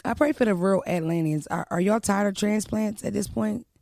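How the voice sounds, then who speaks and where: Brash, gravelly-voiced woman podcast host. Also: medium pitch, moderate pace, no echo. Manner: loud, profane, animated banter. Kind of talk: casual podcast chat.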